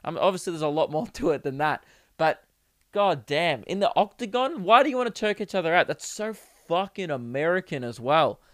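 A young man hosting a comedy podcast, riffing in a profane, laughing, animated way. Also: fairly high pitch, normal speed, no echo, studio quality. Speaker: podcast host. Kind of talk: solo comedy podcast rant.

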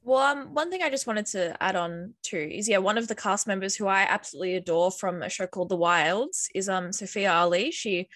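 A woman weighs her words carefully, hedging her points in a measured review chat. Her pitch is ordinary for a woman, and the sound is dry and close. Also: a bit bright, no room sound. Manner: thoughtful, measured with hedges. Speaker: co-host of a gaming show.

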